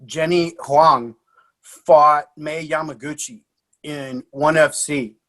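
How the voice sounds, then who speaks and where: A martial arts coach with a higher voice tells animated stories in a podcast interview, speaking at a slow pace. His anecdotes are lively, filled with frequent laughs and fillers.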